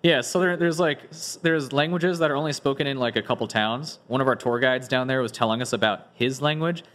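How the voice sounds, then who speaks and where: A man's voice: mid-range voice, brisk, a bit bright. A man hosting a casual podcast discussion, explaining at length with frequent restarts and "like" fillers. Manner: rambling, many restarts and "like" fillers. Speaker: podcast host.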